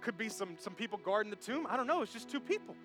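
High-voiced animated male preacher. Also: fast talker, soft background music. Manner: animated, jokey, talks directly to the congregation. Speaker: pastor. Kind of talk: sermon. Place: church service.

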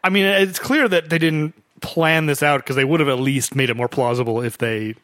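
A man's voice: a little high, fairly quick, no room sound. A man co-hosting a podcast, chatting casually about a film and acting out quotes. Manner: relaxed, chatty, acts out quotes. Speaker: podcast co-host.

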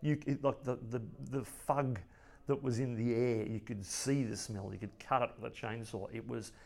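An Australian man in a podcast interview, telling a rambling, lively story about a friend, with many restarts and acted-out quotes. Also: medium pitch, moderate pace, gravelly. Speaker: friend and colleague of the late cartoonist.

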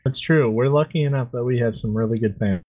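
A man co-hosting a casual podcast, easygoing and quick with a joke. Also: mid-range voice, a little mellow, no room sound, highs cut off. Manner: easygoing, joking. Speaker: podcast co-host. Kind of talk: casual chat.

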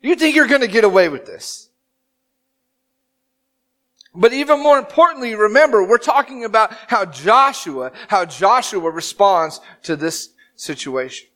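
High-voiced animated male preacher. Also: unhurried. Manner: animated storytelling, acts out quotes with dramatic shifts. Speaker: pastor. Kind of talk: sermon.

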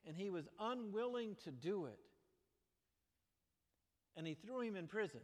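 A man preaching in a large church with a fairly high voice, his words trailing into a long hall reverb. He moves between bright, emphatic bursts and low, earnest stretches as he preaches. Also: unhurried. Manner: animated preaching with sudden loud exclamations and drops to quiet. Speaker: pastor. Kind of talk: sermon.

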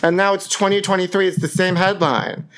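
A man's voice: high voice, little pitch movement, brisk, fairly bright tone. A man hosting a gossip podcast from his apartment, theatrical and camp, calling listeners honey. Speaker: podcast host. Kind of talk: campy gossip chat. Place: home apartment. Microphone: podcast microphone.

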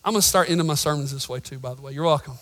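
A man preaching a sermon in a church, swinging between shouted emphasis and quiet asides and joking with the congregation. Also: fairly high pitch, rapid-fire, rough recording. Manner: jokes with the congregation. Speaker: pastor.

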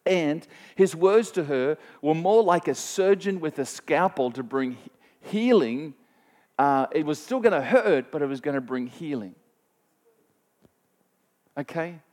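Male preacher, slightly high voice, conversational and animated teaching style. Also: slow, pauses often. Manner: animated storytelling, voice rising sharply when quoting scripture; conversational, plain-spoken teaching with asides to listeners. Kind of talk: sermon.

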